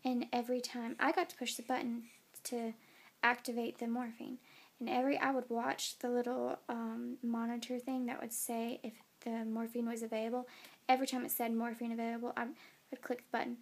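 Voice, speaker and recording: A young woman with a somewhat high voice tells her story into a phone camera. She sounds tired and yawns now and then. She talks casually, with plenty of fillers. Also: flat delivery, fairly quick. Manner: chatty, many "like" and "um" fillers. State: tired, yawning. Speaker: new mother.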